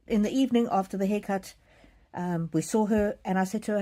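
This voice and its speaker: A woman's voice: medium pitch, fairly quick, dark tone. A middle-aged woman hosting a card-reading live stream tells a personal story in an earnest, emotional way, often restarting her sentences.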